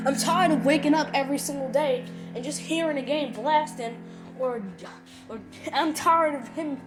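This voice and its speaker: A high-pitched woman rants at home to her viewers, circling back and repeating herself with plenty of emphasis. Faint music plays softly behind her. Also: normal speed, poor audio. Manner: rambling, repetitive, emphatic. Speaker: channel host. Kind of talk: casual rant to viewers.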